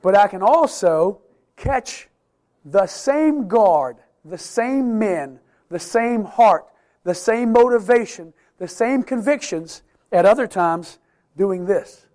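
Middle-aged guy teaching sunday school, pretty high voice, earnest, leans hard on words and slows way down to make a point. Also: expressive, a little mellow. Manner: emphatic and earnest, slowing down to stress key words. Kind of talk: Bible teaching to a class.

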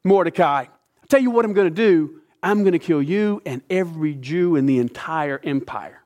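A man voicing an arrogant, vengeful male royal official who is boastful, loud and scheming. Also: fairly high pitch, animated, moderate pace, close to an everyday voice. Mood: furious.

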